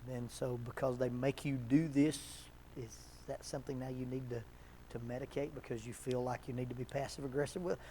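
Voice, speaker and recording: A man leading an addiction seminar at a church, talking in a relaxed, conversational way, telling stories and chuckling often. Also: medium pitch, brisk, a little hiss or hum. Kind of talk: casual seminar talk.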